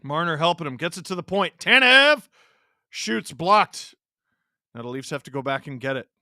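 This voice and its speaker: A man hosting a live hockey watch-along, giving excitable play-by-play reactions and sarcastically heckling the referees. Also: on the high side, normal speed, dry recording, clean studio sound.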